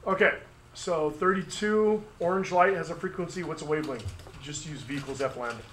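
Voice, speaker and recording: A man teaching physics to a class, brisk and conversational, with joking asides. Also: on the high side, a bit bright, slight background noise. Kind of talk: classroom review lesson.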